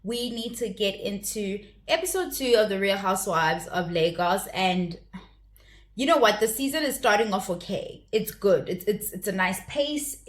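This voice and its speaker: A woman's voice: mid-range voice, animated, normal speed. A young adult woman hosting her own channel, giving a chatty, opinionated review of a reality show and often repeating words as she restarts. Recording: roomy echoey room.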